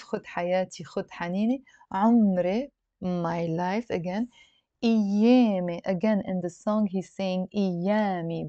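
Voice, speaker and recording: A woman's voice: medium pitch, dark tone, no room sound, muffled recording. A woman with a Lebanese accent teaching an online language lesson, explaining patiently and often checking in with "okay?". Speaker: Arabic teacher. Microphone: video call.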